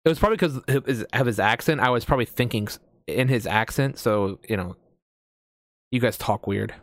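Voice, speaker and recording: A man's voice: medium pitch, a little fast, dry recording, studio quality. An American man chatting casually, rambling with lots of fillers, restarts and swearing. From United States. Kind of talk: casual chat.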